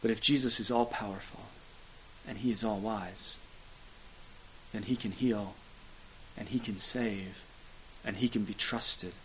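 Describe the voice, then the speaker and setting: A man preaching a sermon, building to loud emphatic peaks, then dropping to hushed, low lines, with a repetitive preaching cadence and occasional fillers. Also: fairly even intonation, unhurried, pauses often, a little hiss or hum, rough recording. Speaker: pastor.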